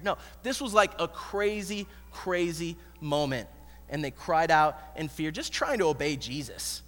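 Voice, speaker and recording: A man preaching a sermon in an animated, slangy storytelling manner, recorded in an echoey hall. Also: high-pitched, normal speed. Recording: echoey hall with long reverb.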